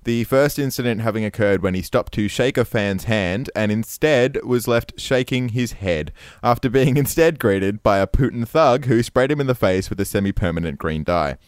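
Man, satire news co-host, wry punchline delivery, lively pitch swings, dry close sound. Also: normal speed, few pauses, clean tone, no room sound. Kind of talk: scripted satirical news reading.

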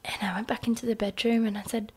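A woman in her thirties with an Australian accent, casually telling a personal story in an interview with lots of "like" fillers and a hushed voice at times. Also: a little high, level tone, fast talker, slightly rough. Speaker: interview guest.

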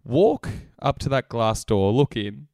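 Young man, animated co-host storytelling, dry close mic. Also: medium pitch, unhurried, vocal fry, dry recording. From Australia. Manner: animated, laughs often, swearing. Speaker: podcast co-host. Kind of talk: casual storytelling chat.

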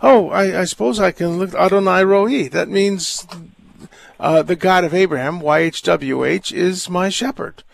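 An older man who is a priest hosts a call-in radio show in a high voice with vocal fry, at a moderate pace and with no echo. His casual chat rambles, full of laughter and stumbling restarts.

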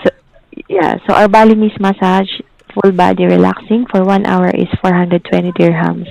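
A woman's voice: fairly low pitch, flat delivery, moderate pace, creaky, a little mellow. A woman answering the phone as a spa receptionist, polite and formal as she lists the services. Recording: dull phone line.

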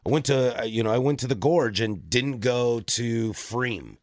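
A man's voice: a little slow, no echo, studio quality. A man from the co-hosting a podcast in casual chat, talkative and self-deprecating. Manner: chatty, self-deprecating, acts out quotes in a low voice. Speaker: podcast co-host.

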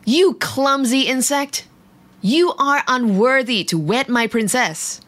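A woman voicing a stern, quick-tempered old king in a storybook reading, regal and commanding. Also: mid-range voice, animated. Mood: angry.

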